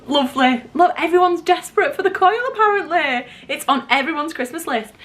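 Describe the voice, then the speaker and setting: A young woman from England talks to camera in a casual home vlog, her voice sitting a little high for a woman. She chats in a confiding, rambling way, full of fillers and quick self-corrections. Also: lively intonation, a bit bright. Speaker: vlogger. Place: home, in the middle of moving house.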